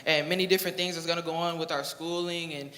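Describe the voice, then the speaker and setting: A man's voice: fairly high pitch, little pitch movement, quick pace, sharp tone. A young man giving a fervent, thankful church testimony about a mission trip. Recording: echoey hall, faint noise.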